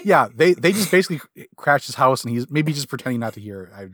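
A man in casual podcast chat who circles his point with fillers and false starts. His voice sits at an ordinary middle pitch. The sound is dry and close. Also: lively intonation, fast talker, fairly bright tone, no room sound. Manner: rambling, lots of fillers and restarts. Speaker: podcast co-host.

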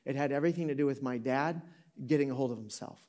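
A man's voice: mid-range voice, quick pace, dark tone. A man in his fifties from Michigan, preaching in a conversational way to a live audience in an auditorium, joking and correcting himself as he tells a story. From Michigan, USA. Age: 50s. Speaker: pastor.

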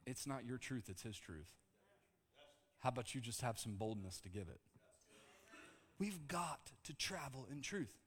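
Bright-voiced preaching pastor in a hall. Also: male voice, medium pitch, measured pace, pauses often. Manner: swings from calm teaching to shouted preaching. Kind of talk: lively sermon with humor. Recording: long hall reverb.

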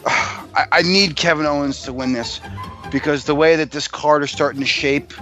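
A man co-hosting a wrestling podcast in casual chat, blunt and quick to get angry. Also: fairly high pitch, fairly even intonation, bright, forceful tone, faint music behind. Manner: blunt, gruff, the angry one. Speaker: podcast co-host.

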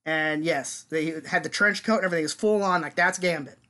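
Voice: medium pitch, brisk, pushed and bright. A podcast co-host in their forties, chatting casually and laughing often. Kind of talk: casual chat.

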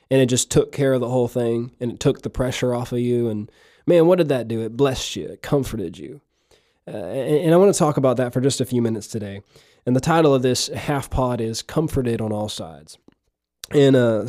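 Mellow-voiced man preaching a casual sermon. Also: mid-range voice. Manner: rhetorical questions, chuckling asides. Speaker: podcast preacher. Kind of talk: conversational sermon.

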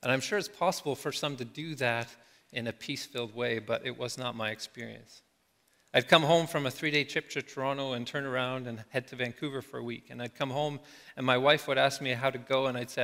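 A middle-aged man preaching a sermon as a pastor, reflective, slowing down and letting his phrases trail off softly. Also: medium pitch, steady tone. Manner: reflective, slow with soft trailing endings. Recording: long hall reverb.

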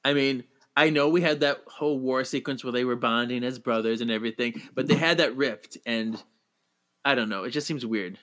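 A man's voice: medium pitch, a little fast, a bit bright. A man co-hosting a casual movie podcast who chats animatedly, laughs a lot and acts out lines in quoted voices. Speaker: podcast co-host.

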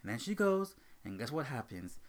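A young man hosting a casual talk show, telling an animated story about a rude customer and acting out both sides of the argument. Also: medium pitch, moderate pace. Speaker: host.

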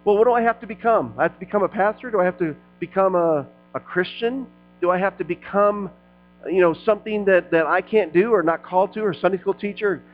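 A middle-aged male pastor delivers a conversational sermon with a notably high voice. He talks to the congregation like friends and climbs into loud, passionate peaks. The sound is a little muffled, with a guitar playing softly behind him. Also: brisk.

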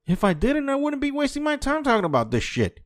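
A man hosting an off-the-cuff podcast rant, swearing heavily and impassioned, swinging between quiet musing and a raised voice. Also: extremely high pitch, wildly swooping pitch, fast, dry recording, clean studio sound. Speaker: podcast host.

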